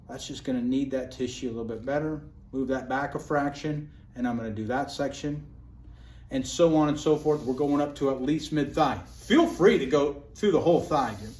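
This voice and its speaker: A man giving a casual how-to demonstration of a self-massage tool, talking through each step as he works. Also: a little high. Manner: relaxed, talks through each step as he works, calls the viewer buddy. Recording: echoey room with faint ambient noise.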